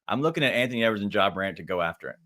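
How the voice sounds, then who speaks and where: A man on a sports betting panel who gives his picks in a measured, thoughtful way. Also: on the low side, lively intonation, pushed and bright. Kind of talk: sports betting show chat.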